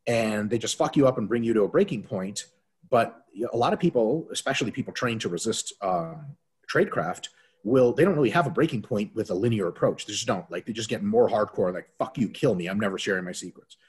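A man with a fairly low, slightly rough voice talks casually on a podcast as a diet coach. He swears freely and tells animated stories, acting out the voices of those he quotes.

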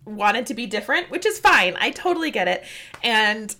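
A woman co-hosting a casual chat, talking in an emphatic, animated, ranting way. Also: fairly high pitch, normal speed.

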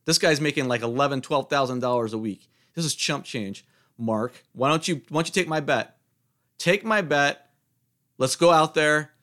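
A man's voice: on the high side, moderate pace, a bit bright. A middle-aged man hosting a solo podcast, taunting and challenging his listeners in a combative monologue. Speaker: podcast host.

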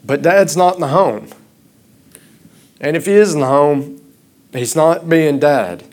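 Preaching man, halting then impassioned. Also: a little high, darkish tone. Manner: rambling and halting at first, then rising and impassioned. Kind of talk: sermon.

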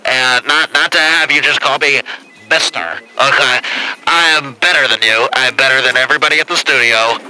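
A man's voice: mid-range voice, normal speed, sharp tone, rough recording. A man playing a pompous, condescending co-host in a comedic call-in sketch.

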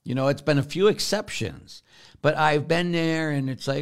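A blunt, forceful priest, answering questions in a casual talk. He tells his stories with rambling restarts and plenty of "you know." His voice sits at an ordinary middle pitch for a man. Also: animated, unhurried, smooth. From Pittsburgh, United States.

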